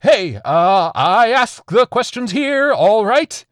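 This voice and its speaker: A man voicing a terrified priest who barks out high, shaky commands in a storybook reading. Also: very animated, very slow, warm tone, dry recording, studio quality, exaggerated voice. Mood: blustering. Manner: panicked, barking, shaky. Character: terrified middle-aged male priest.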